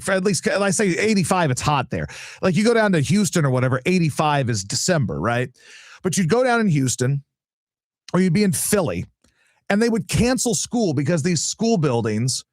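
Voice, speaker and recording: A man's voice: a little high, no room sound, studio quality. A male show host ranting casually, profane, exasperated and sarcastic. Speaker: radio and live-stream host.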